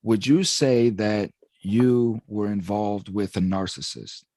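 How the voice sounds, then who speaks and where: Low-voiced man hosting an interview. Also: slow pace, dark tone, no echo. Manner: reflective, advice-giving. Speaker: interview host. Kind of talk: casual interview.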